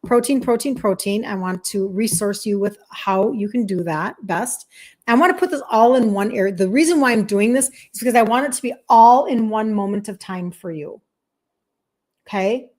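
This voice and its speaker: A woman's voice: mid-range voice, moderate pace, darkish tone. A woman in her fifties, a health coach, talking to viewers in a chatty, emphatic way and laughing often. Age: 50s. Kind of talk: casual monologue to viewers.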